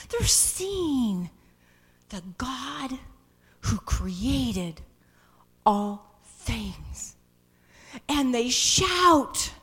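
In a church, a woman with a high voice preaches a sermon, reading scripture dramatically and swinging between loud cries and hushed, whispered passages.

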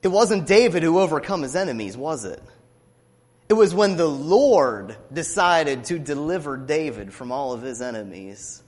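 Passionate preacher in a reverberant hall. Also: male voice, a little high, expressive, moderate pace. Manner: passionate, rising to loud declamation when reading scripture. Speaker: pastor. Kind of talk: sermon.

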